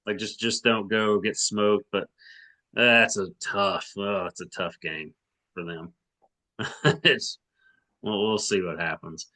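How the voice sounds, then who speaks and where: A man of around forty from Arkansas talks sports on a podcast in a loose, rambling way. He restarts his sentences and hedges often. His voice sits low but comes across bright and forceful. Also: steady tone, slow pace, pauses often. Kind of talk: casual sports chat.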